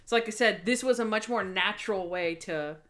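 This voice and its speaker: A young woman co-hosting a podcast in casual chat, animated and acting out scenes in quoted voices. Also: mid-range voice, fairly quick. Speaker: podcast co-host.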